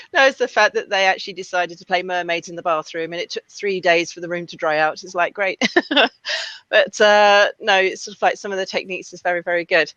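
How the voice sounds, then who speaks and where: A woman hosting a casual online chat, rambling and full of fillers. Her voice is bright and sits close and dry, but the sound is muffled and lo-fi. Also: lowish voice, moderate pace, no room sound. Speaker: host.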